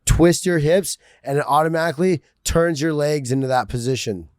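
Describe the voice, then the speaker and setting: A man's voice: a little high, moderate pace, darkish tone, no echo, studio quality. A man hosting a podcast in casual chat, laid-back and swearing freely, saying "dude" a lot. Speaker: podcast host.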